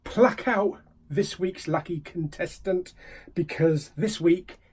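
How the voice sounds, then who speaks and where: A man's voice: sits high, slow, darkish tone, breathy edge. A man hosting a casual, jokey unboxing vlog, often dropping into whispered asides. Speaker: YouTube host.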